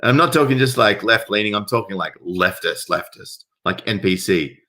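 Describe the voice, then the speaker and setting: A man reading viewer stories aloud and reacting with casual, profane rants that swing between calm reading and loud outbursts. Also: on the low side, normal speed. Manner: swearing, rants loudly in bursts. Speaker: commentary host reading stories.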